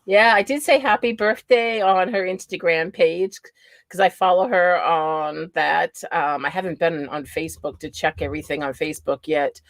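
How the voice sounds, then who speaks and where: A woman's voice: fairly low pitch, steady tone, normal speed, no room sound. New England woman hosting a livestream; chatty, laughing, very dry close mic. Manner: chatty, greets viewers by name, laughs often. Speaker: livestream host. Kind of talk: casual livestream chat.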